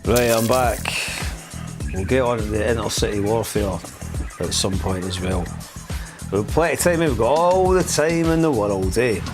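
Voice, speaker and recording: Host rambling on his show, music clearly under him, keeps restarting. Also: lowish voice, animated, moderate pace. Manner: rambling, self-interrupting. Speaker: podcast host. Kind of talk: casual talk show.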